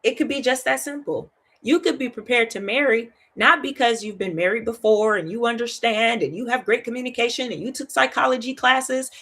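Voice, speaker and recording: A woman hosting a Bible study in a casual, chatty teaching style. She is animated, laughs often, keeps asking "right?" and repeats phrases for emphasis. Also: high-pitched, breathy edge.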